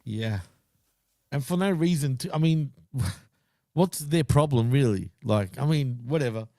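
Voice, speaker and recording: A man's voice: mid-range voice, lively intonation, unhurried, dark tone, dry recording, studio quality. A man co-hosting a casual wrestling podcast, blunt and opinionated in his takes. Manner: blunt, opinionated, laughs along. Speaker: podcast co-host. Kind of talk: casual wrestling recap chat.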